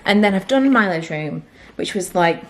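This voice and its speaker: This thirtysomething woman speaks candidly to camera in a home vlog, out of breath and now and then slipping into a whisper. Her medium-pitched voice has lively intonation and a moderate pace, with a little hiss or hum in the recording.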